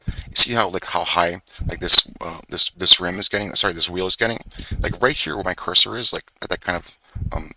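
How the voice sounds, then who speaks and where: A man's voice: low-pitched, pushed and bright, no room sound, rough recording. A young man telling a rambling, profane story in casual chat, full of fillers and self-corrections. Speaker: vlogger. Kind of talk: rambling casual storytelling while screen-sharing.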